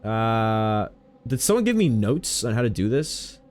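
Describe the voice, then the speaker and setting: A man's voice: on the low side, sing-song, a little slow, darkish tone, slight background noise. A man streaming a horror game with casual, sarcastic commentary, joking and swearing freely.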